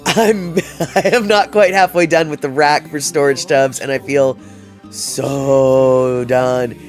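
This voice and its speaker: A man's voice: on the high side, fairly even intonation, moderate pace, soft background music. A man hosting a livestream, chatting casually and reading out viewer comments in a rambling way, with many fillers and restarts. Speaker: livestream host.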